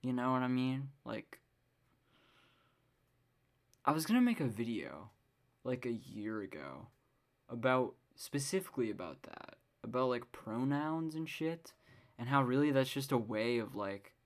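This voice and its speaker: A woman's voice: very deep voice, animated, unhurried, pauses often. A woman hosting a casual solo podcast, rambling with many fillers and frequent swearing in an exasperated rant. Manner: exasperated ranting. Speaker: podcast host.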